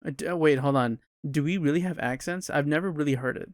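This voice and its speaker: A man's voice: a little high, fast, dry recording, studio quality. A young man from Minnesota hosting a casual podcast chat, rambling and swearing casually. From Minnesota, USA. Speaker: podcast host.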